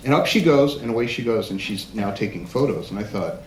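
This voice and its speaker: A man at mid pitch tells anecdotes from the stage of a large event hall, animated and acting out what others said. His voice rings in a roomy space with faint background noise. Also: fast talker. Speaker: speaker giving a platform presentation. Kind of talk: storytelling talk to a live audience.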